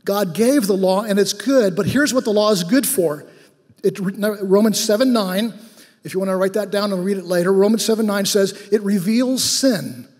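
High husky preacher man, big hall echo. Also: normal speed, a little mellow. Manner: conversational storytelling that rises to fervent exhortation. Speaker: pastor. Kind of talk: sermon. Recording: long hall reverb.

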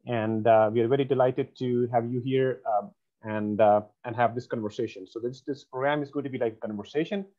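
A man's voice: mid-range voice, steady tone, fairly quick, dull audio. A man hosting an interview over a video call, polite and hesitant, with many fillers. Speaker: program host.

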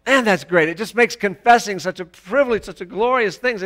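A man preaching a sermon in a church, emphatic and rising to loud exclamations. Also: sits high, brisk, hardly any pauses. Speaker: pastor.

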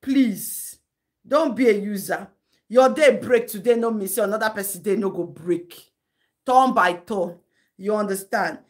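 A woman's voice: medium pitch, measured pace, a little mellow. A Nigerian woman hosting a live-stream gossip commentary, lecturing and scolding in a chatty way, laughing between her points.

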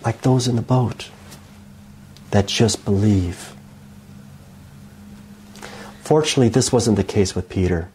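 A male preacher delivering a sermon with rhetorical questions and emphatic, expressive delivery. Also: lowish voice, measured pace, long pauses, a little hiss or hum.

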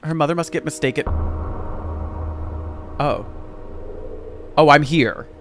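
A man's voice: a little high, takes it slowly, noisy background. A young man chatting sarcastically while playing a game on a live stream, exclaiming often.

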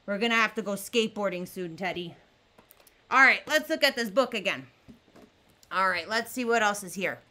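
A young adult woman hosting a children's learning show, talking slowly to toddlers with big gasps and playful animal sounds. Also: mid-range voice, animated, bright, forceful tone. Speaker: children's educator host. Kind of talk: slow, animated talk to toddlers.

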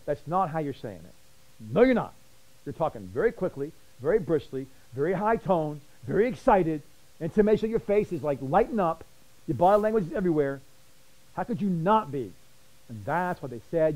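A male Bible study teacher speaking with rushing, animated passion, words tumbling and repeating as his excitement builds. His voice sits a bit higher than most men's yet has a dark, mellow tone. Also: low-quality recording.

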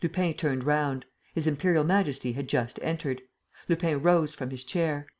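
A woman narrates an audiobook with a low voice. Her reading is steady and unhurried, scripted storytelling throughout.

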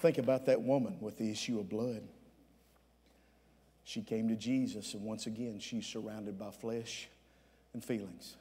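A man preaching a sermon as pastor, with many "uh" fillers between phrases, rising at times to shouts. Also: lowish voice, fairly even intonation, a little slow, long pauses, breathy edge, in a large hall. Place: church sanctuary.

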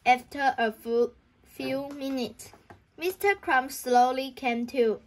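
A young woman reads a children's story aloud, stumbling and restarting words often. She reads slowly in a fairly high voice. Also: steady tone. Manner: halting with frequent restarts. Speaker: reader. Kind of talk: reading a children's book aloud.

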